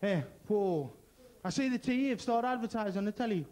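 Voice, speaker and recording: This stand-up comedian from Gateshead, North East England, has a Geordie accent and trades banter with the audience during a crude, punchy set. He sits high in pitch with a darkish tone, speaking fairly quickly and expressively.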